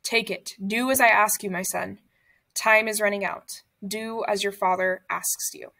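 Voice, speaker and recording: A woman reading a memoir aloud, voicing an exhausted, breathless older father who speaks in a hurried, urgent way. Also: mid-range voice, steady tone, vocal fry, pushed and bright.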